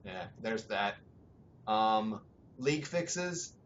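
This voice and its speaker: Young male podcast host, low-ish voice, relaxed and profane, dull lo-fi recording. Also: very slow. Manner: relaxed, rambling, swears freely, laughs often. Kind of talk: casual gaming podcast chat. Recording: dull lo-fi sound, faint background noise.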